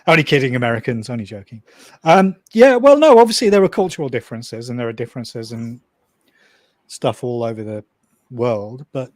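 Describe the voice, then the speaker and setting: A man's voice: mid-range voice, lively intonation, a little fast, no room sound. A man from Wales, chatting casually and dryly, teasing and laughing at his own jokes. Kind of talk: casual chat.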